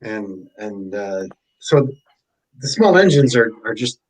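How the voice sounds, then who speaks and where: A man's voice: lowish voice, very animated, slow pace, poor audio. A man speaking as a guest on a live stream chat, rambling and supportive, trailing off mid-thought. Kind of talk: casual chat.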